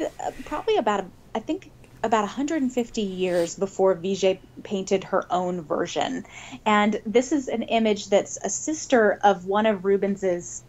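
A woman who is a podcast guest, explaining things in a relaxed chat and laughing easily. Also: mid-range voice.

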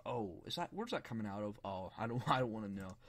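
A man giving loose, rambling let's-play commentary on a point-and-click game, often laughing and getting excited. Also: lowish voice, quick pace. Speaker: gaming YouTuber.

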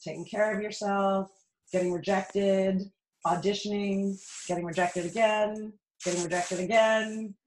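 A woman's voice: mid-range voice, steady tone, unhurried, roomy sound, a little hiss or hum, poor audio. A middle-aged Canadian woman with a Canadian accent, guest on a podcast, speaking in an earnest, reflective way with frequent restarts. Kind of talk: casual interview conversation.

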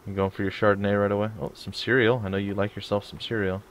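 Man, low voice, casual gameplay chat, joking asides, faint hiss behind. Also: level tone, fast talker. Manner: joking, chatty, mumbles asides. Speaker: let's play host.

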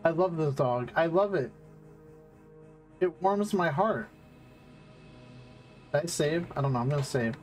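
A man's voice: on the high side, animated, a little slow, long pauses, faint music behind. A young man playing a video game on stream, casually chatting, swearing often and cooing at an in-game dog. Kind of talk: casual let's-play commentary.

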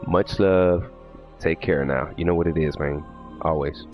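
A man streams a horror game live, rambling to his chat in a loose, profane and jittery way. His voice is very low. Faint game music plays in the background. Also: steady tone, unhurried, highs cut off. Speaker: livestreamer. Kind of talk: casual live gameplay chat.

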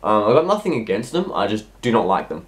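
A man's voice: on the low side, very animated, fast. A sixteen-year-old boy, sick and coughing, answering viewer questions in a rambling, hesitant casual vlog. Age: teens. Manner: rambling, hesitant, heavy with ums and restarts.

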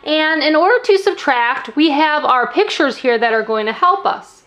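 A woman's voice: high-pitched, expressive, moderate pace, a bit bright. A woman teacher explaining a classroom math activity in a friendly way, counting aloud step by step. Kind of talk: instructional demo.

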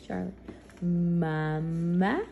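A young woman filming her children at home on a phone, gently coaxing a baby to talk. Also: on the low side, fairly even intonation, very slow, creaky, phone-quality sound, a little hiss or hum. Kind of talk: casual home video. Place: family home indoors. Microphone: phone camera.

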